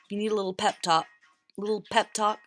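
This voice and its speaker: A woman's voice: mid-range voice, fairly even intonation, fast talker, a bit bright, faint music behind. A woman giving a tarot reading in an earnest, emotional way, close to tears. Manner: earnest, emotional, repeats phrases for emphasis. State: near tears. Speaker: tarot reader.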